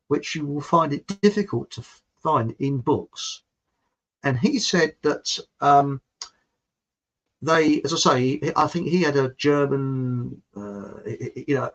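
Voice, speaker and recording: A channel host with a fairly high, fairly bright voice tells a long, meandering story in a casual way, restarting frequently. The recording sounds like a dull lo-fi home setup.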